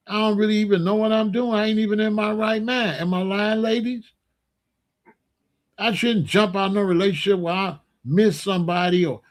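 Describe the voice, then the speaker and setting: Man, high-pitched voice, casual slangy advice talk, playful and joking. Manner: playful, loose and joking, with street slang and asides to the ladies. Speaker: online talk host giving relationship advice.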